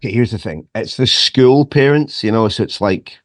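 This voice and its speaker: A middle-aged man from Scotland with a Scottish accent softened toward transatlantic, swearing freely as he chats and tells stories as a podcast guest. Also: fairly low pitch, moderate pace, no room sound, studio quality. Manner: profane, animated storyteller who repeats words. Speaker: guest author. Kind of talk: casual podcast chat.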